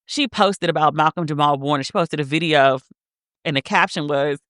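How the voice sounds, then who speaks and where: Animated woman podcast host, bright voice. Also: low-pitched, moderate pace, dry recording, studio quality. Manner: emotional, animated storytelling with many "like" fillers. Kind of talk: casual monologue.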